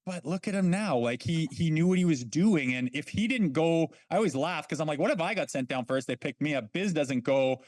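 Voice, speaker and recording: A man's voice: fairly high pitch, expressive, brisk, hardly any pauses, a little mellow, no echo. A middle-aged man, a former hockey player, telling blunt stories in a casual podcast chat. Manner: blunt, swears freely, quotes people in his stories.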